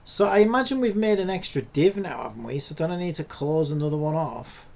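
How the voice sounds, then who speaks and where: A man narrates his coding in a casual vlog, swinging from low muttering to sharp outbursts. He swears freely and rants at his tools with a gravelly, fry-laden voice. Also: animated, brisk. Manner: exasperated, swearing, ranting at the screen. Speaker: hobby programmer.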